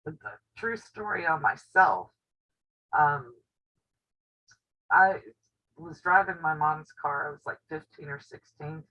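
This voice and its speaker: Her deep voice has lively intonation, and she speaks slowly with long pauses in a drawl. Hosting a quilting channel, she spins stories and laughs often on a casual home live stream, with dull, lo-fi audio picked up by a camera on the table.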